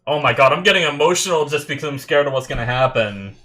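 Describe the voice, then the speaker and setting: A man reacting aloud to an anime episode, exclaiming and thinking out loud, getting teary and emotional. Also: on the high side, lively intonation, fast. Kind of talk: live reaction commentary.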